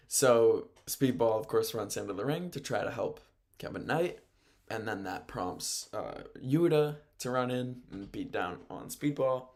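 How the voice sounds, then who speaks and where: Gravelly man recapping wrestling casually. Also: mid-range voice. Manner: rambling, chuckles often, self-corrects. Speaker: radio host and play-by-play announcer. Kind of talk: casual sports talk recap.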